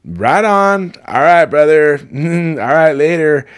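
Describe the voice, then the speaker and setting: A man's voice: a little high, lively intonation, slow pace, clean tone, voice pushed up. A man putting on the voice of a laid-back male California surfer dude, drawling and nasal. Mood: stoked. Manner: drawling slang-heavy, nasal.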